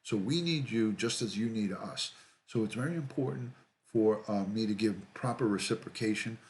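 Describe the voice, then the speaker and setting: A man's voice: on the low side, normal speed, a little mellow. A middle-aged man, hosting a casual livestream, reading viewer comments aloud and greeting people by name, often repeating himself. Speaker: livestream host, retired detective.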